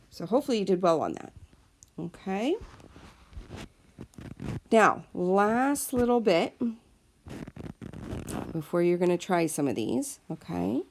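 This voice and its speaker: A woman teacher talks through a recorded lesson at an unhurried pace. Her voice sits a little low and carries a gravelly fry. She explains each step patiently. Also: darkish tone. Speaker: Spanish teacher.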